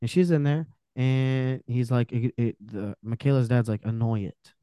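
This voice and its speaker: Brief: male podcast guest, warm smooth voice, casual storytelling, animated and profane. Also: medium pitch, moderate pace, no echo, studio quality. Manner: animated, profane, acts out quotes.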